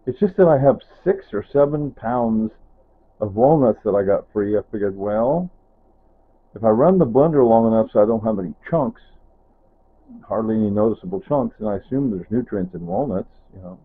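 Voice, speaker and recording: A man with a lowish, slightly rough voice, lively intonation and moderate pace narrates a casual vlog from his home kitchen. He strays off topic, often trailing off with "anyway" and "whatever," and the audio sounds tinny and phone-like.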